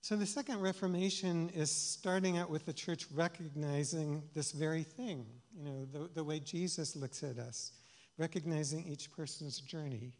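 A man preaching a reflective sermon in a church, speaking haltingly with many fillers. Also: fairly high pitch, fairly even intonation, a little mellow. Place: church sanctuary. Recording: long reverb of a church hall.

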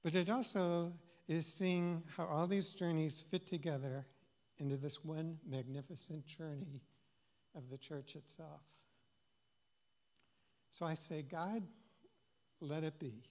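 A man preaching a reflective sermon in a church, speaking haltingly with many fillers. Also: on the high side, steady tone, a little mellow. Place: church sanctuary. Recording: long reverb of a church hall.

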